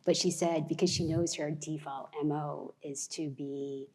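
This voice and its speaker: A woman's voice: low-pitched, fairly even intonation, measured pace, darkish tone. A woman in her forties, an alumni panelist, recounting what she has observed in a thoughtful, hesitant way with many fillers. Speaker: alumni panelist, immigration attorney. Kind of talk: casual panel talk.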